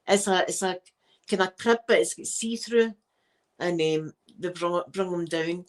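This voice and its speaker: A woman's voice: lowish voice, a little slow. Chatty Scottish woman telling stories. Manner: animated, chatty, self-mocking. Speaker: live stream host. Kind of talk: casual chat storytelling to viewers.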